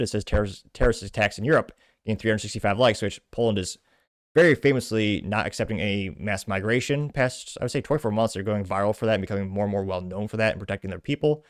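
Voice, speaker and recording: A man's voice: lowish voice, dry recording, studio quality. A man hosting a commentary show, reading out social media posts and adding scornful remarks between them. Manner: brisk, scornful commentary between read-out quotes. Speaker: podcast host.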